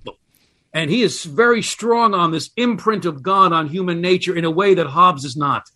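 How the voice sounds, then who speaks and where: A man, a guest scholar, talking in a radio interview, explaining ideas with animated emphasis and reading quotations aloud. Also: sits high, brisk. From United States.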